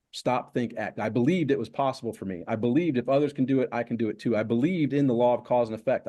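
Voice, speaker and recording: A man's voice: mid-range voice, dark tone. A middle-aged man being interviewed as a success coach, talking in emphatic, repeated lists of steps. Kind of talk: interview conversation.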